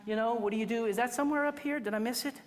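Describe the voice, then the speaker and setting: A woman teaching a photography workshop to a live class, chatty and animated, acting out little quoted exchanges. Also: on the high side, rapid-fire. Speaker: photography instructor. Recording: reverberant hall recording.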